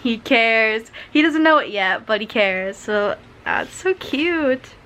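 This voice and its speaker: A woman's voice: on the high side, lively intonation, slow, fairly bright tone. Chatty young woman vlogging from bed. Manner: chatty, lots of "like" and "um". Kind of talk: casual chat to camera. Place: in bed at home.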